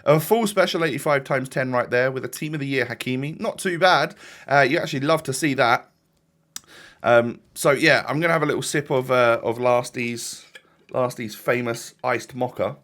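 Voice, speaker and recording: Gaming host, young man, mid-pitched, casual, rambling, self-correcting commentary. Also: normal speed, a bit bright. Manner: rambling, chatty, self-interrupting. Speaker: gaming YouTuber.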